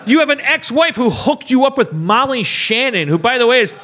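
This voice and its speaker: A man's voice: extremely high pitch, very animated, fairly quick, few pauses, bright, forceful tone. A middle-aged man ranting comedically about a movie on a podcast, swearing and mimicking characters.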